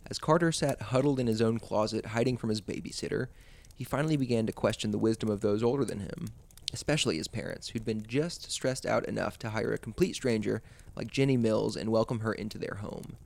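A man hosting a podcast, narrating a suspenseful story in a measured way. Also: fairly low pitch, gravelly, a little mellow.

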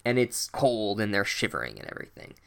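A man's voice: lowish voice, big pitch swings, a little fast, gravelly, fairly bright tone, smooth. A man giving a casual comedic book recap, sarcastic and full of swearing. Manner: profane, sarcastic.

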